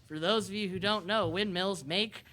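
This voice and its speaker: A woman's voice: medium pitch, moderate pace, sharp tone. A woman narrating a tabletop game as game master, rambling with plenty of ums. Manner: rambling, lots of ums and uhs.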